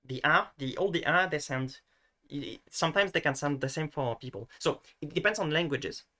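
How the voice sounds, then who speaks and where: A man with a bright, forward voice talks through a casual screen-share lesson. He hesitates often, restarts his sentences and fills the gaps with ums. Now and then he pokes fun at himself. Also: a little high, lively intonation, moderate pace. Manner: hesitant, many restarts and fillers; self-mocking. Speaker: video tutor.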